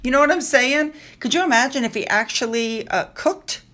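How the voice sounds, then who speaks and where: A woman's voice: high voice, normal speed, bright, forceful tone. A woman chatting casually as a vlogger, gossiping about royal news with frequent asides to her viewers. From United States. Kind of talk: casual chat.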